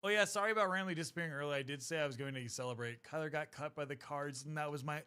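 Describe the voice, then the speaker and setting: A man's voice: a little high, rapid-fire, hardly any pauses, pushed and bright, clean tone. A man streaming while painting miniatures, chatting casually with his viewers, rambling and swearing often. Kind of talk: casual live-stream chat.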